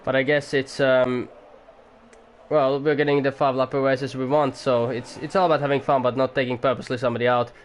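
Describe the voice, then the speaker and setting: A man doing amateur commentary on a sim race at home, excitable at times, swearing now and then, and keeping his voice down for the neighbours. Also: medium pitch, fairly quick, slight background noise. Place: home room.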